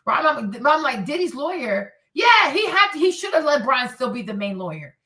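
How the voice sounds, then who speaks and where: Woman streamer, blunt and cursing, high bright voice, drifts off mic at times. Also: normal speed, recorded from a distance. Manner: blunt, profane and animated, acts out quotes. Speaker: streamer and commentator. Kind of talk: casual commentary rant.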